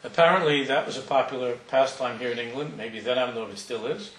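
A middle-aged man gives a sermon, telling a story in a loose, conversational way with many restarts. His voice is mid-pitched and comes from far off in a large echoing hall, with faint background noise. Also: quick pace, a bit bright. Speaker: rabbi giving a talk.

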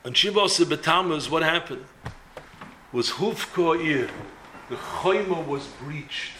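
Man, rabbi, sermon, impassioned, bright voice, roomy echo. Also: fairly high pitch, measured pace, a little hiss or hum. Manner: impassioned, builds to emphatic peaks.

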